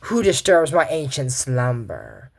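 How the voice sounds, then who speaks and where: A man voicing an ancient, stern female sphinx guardian in slow, solemn tones while retelling a cartoon's dialogue. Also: mid-range voice, wildly swooping pitch, vocal fry, exaggerated voice.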